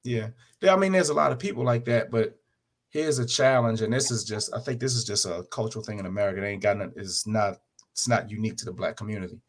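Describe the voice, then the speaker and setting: A man in a casual discussion, talking in a measured, thoughtful way as he recounts what he heard. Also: on the low side.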